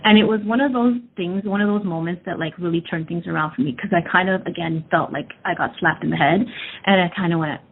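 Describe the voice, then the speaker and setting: A woman's voice: fairly low pitch, a little fast, gravelly. A woman in her thirties telling a personal story in a candid, casual way with lots of fillers. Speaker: energy work practitioner. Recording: tinny phone-like audio.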